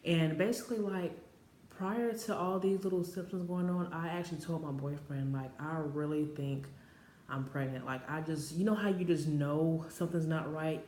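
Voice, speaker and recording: A woman's voice: low voice, normal speed, darkish tone. A woman in her late twenties telling a personal story to camera in a chatty, rambling way, full of filler words. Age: 20s. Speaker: vlogger. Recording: roomy echo with faint background noise.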